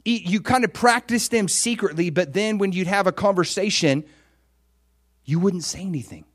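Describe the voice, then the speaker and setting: A pastor delivers a sermon in a chatty, animated style, moving from loud exclamations to near-whispers and voicing the people he quotes. His voice is high-pitched and his pace moderate.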